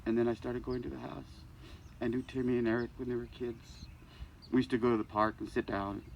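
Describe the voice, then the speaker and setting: A man's voice: medium pitch, level tone, brisk, vocal fry, lo-fi sound, a little hiss or hum. An older man giving a eulogy for a close friend at a church service, telling folksy stories and acting out the dialogue with humor. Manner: folksy and joking, acts out dialogue. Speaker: eulogy speaker, friend of the deceased. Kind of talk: storytelling eulogy.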